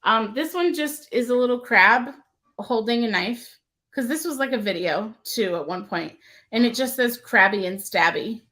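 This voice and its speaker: A woman with a slightly high voice, hosting a relaxed craft livestream. She rambles in a chatty way, trails off into asides and laughs often as she talks to her viewers. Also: moderate pace. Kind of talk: casual livestream chat.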